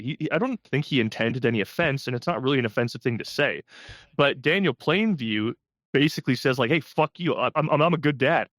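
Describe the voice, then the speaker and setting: A man's voice: medium pitch, fairly bright tone, no room sound. Male podcast co-host adding careful context. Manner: careful, adds disclaimers and context. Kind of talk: casual chat.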